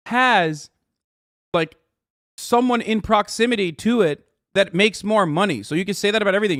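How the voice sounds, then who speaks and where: A male streamer in casual reaction commentary, animated and exasperated, swearing freely. His voice sits well above most men's. The sound is close and dry, with no room in it. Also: high voice, no room sound. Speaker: streamer host.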